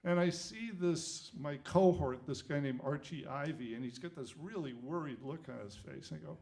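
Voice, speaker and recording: A man in his sixties from New England, a music executive telling a lively anecdote with chuckles and casual fillers. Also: on the high side, normal speed, gravelly, hardly any pauses. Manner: lively storyteller, chuckles, many "you know" fillers. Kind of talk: storytelling anecdote.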